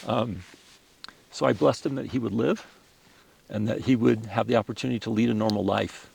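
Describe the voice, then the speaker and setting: A man with a deeply gravelly, fry-laden voice recounts a personal story as a podcast guest. He speaks earnestly and with feeling, stumbling and restarting his sentences as he goes. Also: steady tone, moderate pace, a little mellow, slight background noise. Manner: earnest, emotional, with frequent restarts.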